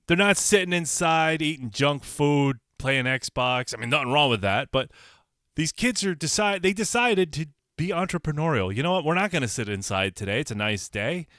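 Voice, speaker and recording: A man from Connecticut hosts a solo podcast in a blunt, profane, rambling way. His pitch leaps up and drops back down as he gets worked up, and the sound is dry and close with no room around it. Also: no echo. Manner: blunt, animated, swears and repeats himself. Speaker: podcast host. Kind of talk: casual solo commentary.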